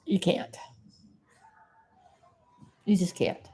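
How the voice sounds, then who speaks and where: Talking very slowly, a woman from South Florida rambles casually to her camera as a vlogger, homey and folksy. Loud bursts come out of nowhere, each followed by a sheepish apology, and she addresses her dog in asides.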